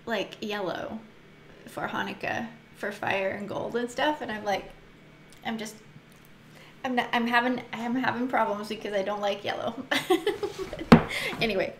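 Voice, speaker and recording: A woman's voice: fairly high pitch, unhurried, pauses often. A woman casually leading a Bible study, reading scripture aloud, giggling often and stopping to muse on what she reads. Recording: echoey room with faint noise.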